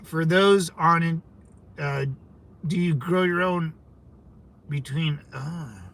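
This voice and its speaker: Laid-back man, bright high voice. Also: slow, creaky. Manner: laid-back, laughs often, repeats phrases. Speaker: livestream host. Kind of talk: casual livestream chat reading comments.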